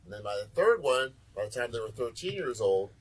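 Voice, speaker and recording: A man's voice: mid-range voice, big pitch swings, brisk, low-quality recording. A man hosting a casual podcast, ranting and joking. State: sore back. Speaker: podcast host.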